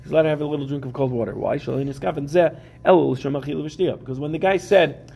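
A man teaching a Talmud class, his voice gravelly and mellow with a dark, relaxed tone. He reads the Aramaic text and then explains it in casual English with everyday examples for his students in a classroom. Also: fairly high pitch, fast talker, hardly any pauses.

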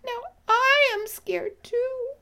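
Woman playing playful storybook bumblebee: small, friendly, giggly, high bouncy voice. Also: fairly even intonation, takes it slowly, pushed and bright, exaggerated voice. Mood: worried.

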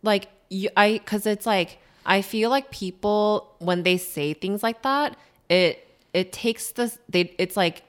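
A woman's voice: medium pitch, slow pace. A young adult woman co-hosting a podcast, ranting in casual chat and filling her talk with "like". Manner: ranting, animated, heavy use of "like". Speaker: podcast co-host.

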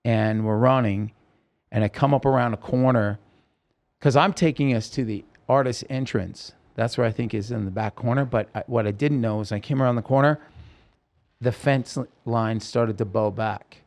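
A man's voice: medium pitch, normal speed, a little mellow. A man, a podcast guest, urgently recounting a personal story in vivid, present-tense detail.

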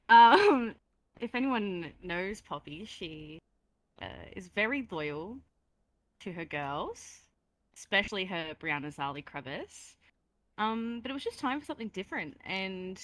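A woman tells a story on a podcast in a bright, sharp voice that rises and falls a lot. She sounds earnest and close to the mic, with a dry sound. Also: medium pitch, dry recording. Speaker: roleplay player, podcast guest. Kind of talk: casual podcast chat.

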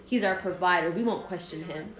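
A young woman from Jordan in casual podcast chat, an animated storyteller who swears freely. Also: lowish voice, a little fast, reverberant, faint music behind.

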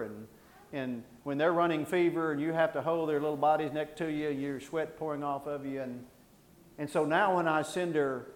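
Folksy preacher man, echoey room. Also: on the high side. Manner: folksy, rambling, self-deprecating humor. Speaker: pastor. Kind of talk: sermon with personal storytelling. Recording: roomy echo.

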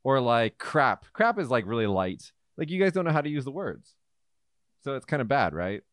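A man co-hosting a casual talk show, explaining slang with lively storytelling and quoted voices. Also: mid-range voice, normal speed, no echo, clean studio sound. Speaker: podcast co-host, English teacher.

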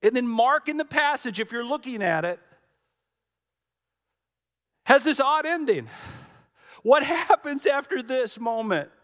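A middle-aged man, a pastor preaching a sermon with dramatic storytelling, swinging from loud to hushed. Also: very high-pitched, animated, measured pace, long pauses.

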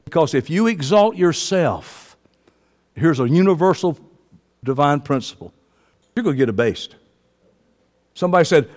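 Fiery preacher in a reverberant church. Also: male voice, fairly high pitch, lively intonation, moderate pace, long pauses. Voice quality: passionate, swings from soft to shouting. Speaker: pastor. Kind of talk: fiery sermon. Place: church sanctuary. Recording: long reverb of a church hall.

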